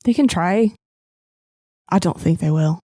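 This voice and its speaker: A woman's voice: on the low side, a little slow, dark tone, no echo, clean studio sound, voice pushed down. A woman voicing a brash, stubborn young sailor who teases and argues back. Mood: defiant. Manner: cocky, teasing, defiant.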